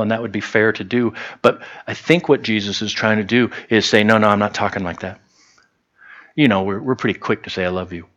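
Low-voiced pastor preaching conversationally. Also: male voice, dull audio. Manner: conversational preaching, with many restarts and quoted lines. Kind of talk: sermon.

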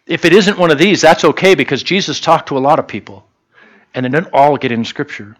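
A man's voice: on the high side, brisk. A man preaching a sermon to a small church in a conversational way, often stopping to restart and quoting short lines. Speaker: pastor.

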